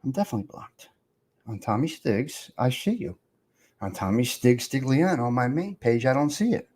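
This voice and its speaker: A man's voice: mid-range voice, very animated, normal speed, darkish tone. A man hosting a casual live stream, rambling and swearing as he talks to viewers in the comments.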